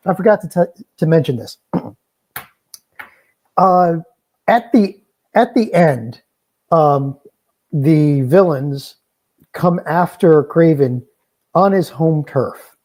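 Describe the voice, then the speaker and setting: A podcast co-host shares blunt movie opinions with dry humor, in a casual, chatty way. His voice is mellow and soft-edged, pitched slightly high for a man. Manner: wry, opinionated, joking asides. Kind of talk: casual chat, movie review.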